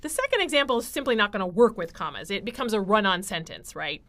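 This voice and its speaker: A woman's voice: mid-range voice, very animated, quick pace, fairly bright tone. A woman instructor giving a recorded writing lecture, explaining step by step with frequent ums and uhs.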